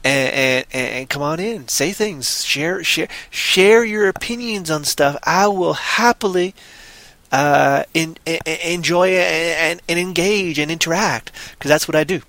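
A man's voice: fairly high pitch, measured pace, a bit bright, no echo, rough recording. A man co-hosting a show in casual chat, rambling and playful, sometimes putting on a silly accent. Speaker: podcast co-host.

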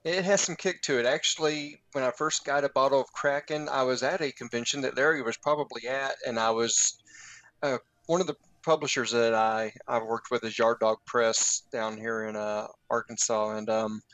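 A man's voice: medium pitch, fairly even intonation, normal speed, fairly bright tone, no room sound, dull audio. A man who is a guest author on a show, chatting and telling stories with a laugh. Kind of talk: casual interview chat.

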